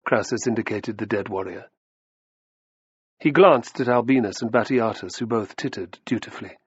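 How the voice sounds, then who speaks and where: A man narrating an audiobook with a dramatic, expressive reading. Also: lowish voice, normal speed, breathy edge, no room sound. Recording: dull lo-fi dry recording.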